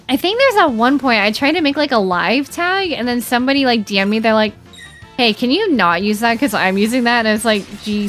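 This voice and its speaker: A young woman chatting casually while streaming a game, animated and giggly, with lots of "like" fillers. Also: medium pitch.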